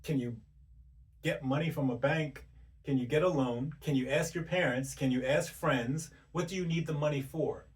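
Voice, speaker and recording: A man's voice: a little high, recorded from a distance. Emphatic man firing rhetorical questions. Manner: rapid-fire rhetorical questions, direct and emphatic. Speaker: self-help speaker. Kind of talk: motivational monologue.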